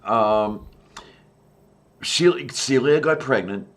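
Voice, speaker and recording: A man with a mid-range voice tells stories on a casual podcast. He speaks hesitantly and fills his pauses with "uh" and "um". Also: mid-range voice. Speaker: podcast co-host. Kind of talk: casual chat.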